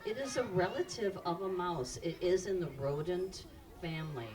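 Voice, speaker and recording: A woman's voice: fairly low pitch, moderate pace, a little mellow, far from the mic. Upbeat woman running a kids' animal show. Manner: upbeat, quizzing the audience with questions. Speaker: animal show presenter for children. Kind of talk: live educational animal show for kids. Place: outdoor park show with children.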